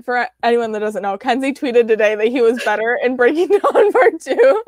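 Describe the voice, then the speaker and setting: A bubbly young woman chatting on a podcast, her voice a touch higher than most. She laughs easily and leans on filler words, and the sound is close and dry. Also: lively intonation, moderate pace, dry recording. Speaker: podcast co-host. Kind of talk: casual chat.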